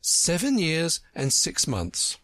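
Man voicing a polite, earnest young storybook girl: high, careful, slow. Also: huge pitch swings, pushed and bright, dry recording, full character voice. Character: polite earnest seven-year-old girl.

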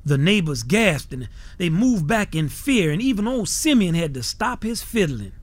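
A man narrating a folk tale in a folksy, animated, colloquial manner. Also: high-pitched, normal speed, dry recording. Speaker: storyteller.

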